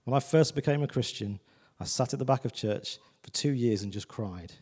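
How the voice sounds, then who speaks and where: A man gives a sermon in a church with a mellow, warm tone. He talks loosely and personally, stopping often to check in with the congregation. His pitch sits in a middle range. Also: moderate pace, breathy edge, big-room sound. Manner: conversational, repeats "do you know what I mean". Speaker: visiting preacher.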